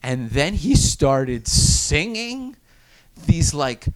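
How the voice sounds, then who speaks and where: A man tells a war-story-style anecdote in an animated way. His voice sits high and jumps all over the place. He laughs often and plays out the shouts and whispers. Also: drawn-out words. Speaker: guest, Navy veteran.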